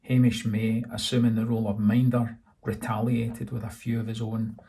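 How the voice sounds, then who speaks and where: A Scottish man, the author, narrating his own novel in a steady, dry reading. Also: mid-range voice, moderate pace, vocal fry. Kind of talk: audiobook narration.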